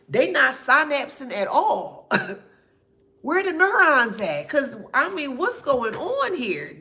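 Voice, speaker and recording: A woman giving a casual spiritual reading, laughing often and reacting with drawn-out disbelief. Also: high-pitched, vocal fry, background noise.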